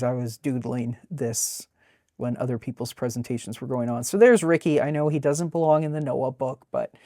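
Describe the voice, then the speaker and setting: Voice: medium pitch, mellow, dry recording, studio quality. A webcomic artist casually narrating a sketchbook tour, talking in a rambling, chatty way with many fillers.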